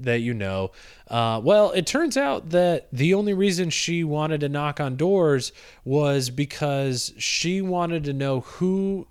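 A young man tells a casual story, trailing off into fillers and restarts and throwing in a swear word now and then. His mid-range voice sounds smooth and clear, with no room echo at all. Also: medium pitch, clean studio sound. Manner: rambling, many fillers, swears, laughs at himself.

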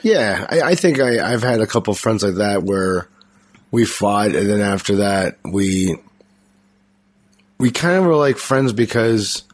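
A man's voice: lowish voice, animated, unhurried, slightly rough, no echo. A man in a casual podcast chat, rambling and crude, swearing often.

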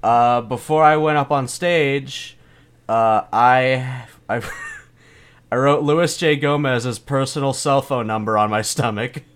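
A man's voice: mid-range voice, takes it slowly, clean tone. Young man, casual storytelling, profane, rambling, laughs a lot. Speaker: comedian guest.

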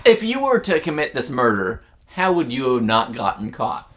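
A man's voice: mid-range voice, very animated, moderate pace, a bit bright. A man co-hosting an improvised comedy podcast, playful and eager to jump in with absurd ideas. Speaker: podcast co-host.

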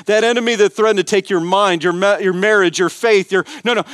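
A man preaches an emphatic sermon, stumbling over repeated words as he builds intensity. His voice sits a little high. The sound is dry and close. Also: brisk, hardly any pauses, a bit bright, no room sound. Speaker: pastor. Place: church.

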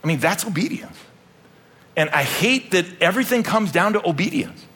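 A man's voice: high voice, lively intonation, moderate pace, pushed and bright, breathy edge. A middle-aged man preaching a sermon as pastor, with joking, rambling asides and playful self-deprecation.

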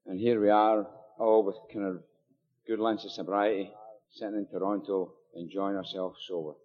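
A man's voice: fairly low pitch, level tone, normal speed. A Scottish man from near Glasgow, older, telling his recovery story at a meeting in a chatty, joking way with many fillers and asides. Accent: Scottish, Glasgow area. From Scotland. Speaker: AA meeting speaker. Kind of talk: personal recovery talk at a meeting. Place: meeting hall with audience. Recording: dull live recording in a long-echo hall.

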